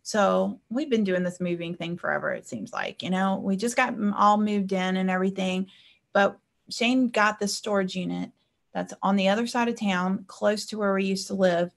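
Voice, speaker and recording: A woman talks at a moderate pace with a medium pitch and noticeable vocal fry. She's a life coach live streaming to viewers in a chatty, anecdotal way, sharing her own stories and checking in with listeners.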